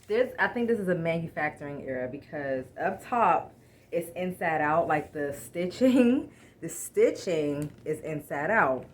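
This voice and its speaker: A woman with a somewhat low voice talks casually through an unboxing at home, lively and exasperated, turning to her viewers as y'all. A faint hiss of noise sits under her voice. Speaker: haul vlogger.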